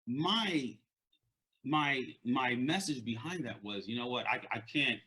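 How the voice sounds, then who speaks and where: A man's voice: mid-range voice, sharp tone. A man with a stutter giving an earnest, conversational motivational talk as a leadership and mindset coach, often repeating words.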